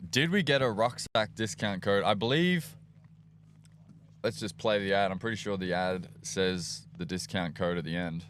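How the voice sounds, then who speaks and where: A man with an Australian accent co-hosts a live race broadcast, teasing and joking in relaxed banter. His voice sits a little low. A faint hiss of background noise hangs under his talk. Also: moderate pace. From Queensland, Australia. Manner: jokey, playful, teasing banter. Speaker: livestream co-host. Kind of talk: casual live event commentary.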